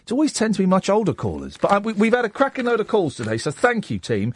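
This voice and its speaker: Man, 40s, radio phone-in host, chatty, self-mocking, lively intonation, dry studio sound. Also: high voice, fast, husky, dry recording. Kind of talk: late-night radio phone-in chat.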